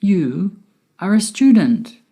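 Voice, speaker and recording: A woman teaching an English grammar lesson from a script, slow and deliberate, with exaggerated rising and falling intonation on her examples. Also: medium pitch, sing-song, mellow, slightly rough.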